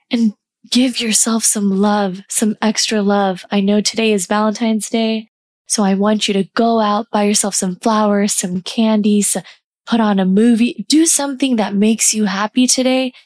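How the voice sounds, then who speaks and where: A woman hosting a self-care podcast, guiding listeners through affirmations in a warm, encouraging, casual way. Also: a little high. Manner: slow deliberate pacing on repeated affirmations. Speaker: podcast host.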